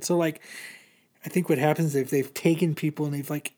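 Rambling man recapping comics, slightly high. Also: steady tone, a little fast, mellow. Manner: rambling, filler-heavy retelling. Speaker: podcast co-host. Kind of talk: casual comic book recap.

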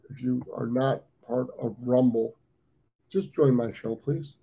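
Gravelly-voiced fifty-something American man rambling. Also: mid-range voice, fairly even intonation, a little slow, warm tone, muffled recording. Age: 50s. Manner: rambling, repeats phrases, frequent ums. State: has the hiccups. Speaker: dog training show host. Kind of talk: casual live-stream talk.

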